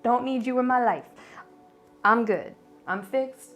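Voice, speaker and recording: A woman's voice: a little high, unhurried, faint music behind, lightly acted. A woman voicing a haughty, sassy queen of a cat. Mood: scornful.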